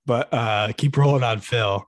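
A man's voice: mid-range voice, measured pace, dry recording, studio quality. A man co-hosting a podcast in casual chat, laid-back and joking, often answering with short agreements. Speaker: podcast co-host.

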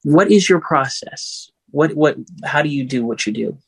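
A man's voice: a little high, expressive, moderate pace, breathy edge. A man moderates a panel discussion and speaks off the cuff. His delivery halts often, with ums and restarts. The sound is dry and close, with no room echo. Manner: hesitant, many ums and restarts.

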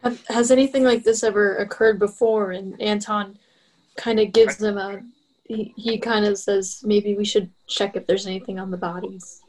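A woman playing a tabletop game, asking questions with quick restarts. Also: medium pitch, steady tone, a little mellow, rough recording. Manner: inquisitive, stumbling restarts. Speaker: player.

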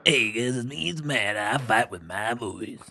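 A man voicing a sleazy male morning radio DJ in a low, smarmy drawl as a joke bit on a podcast. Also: animated, a little slow, sharp tone, husky, no echo, clean studio sound, heavily acted. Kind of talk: comedic impression bit.

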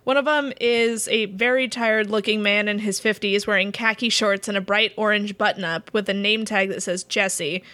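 A woman runs a tabletop game as its narrator, describing scenes in a loose, casual way with plenty of fillers. Her voice sits at a middle pitch. The recording is dry and close. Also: fairly even intonation, moderate pace, few pauses, bright, forceful tone, no echo. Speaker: game master.

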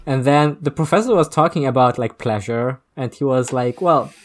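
A woman chats loosely on a podcast, trailing off and restarting her sentences, full of filler words. She sounds relaxed and unscripted. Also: rumbling low, moderate pace. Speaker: podcast co-host. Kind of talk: casual chat.

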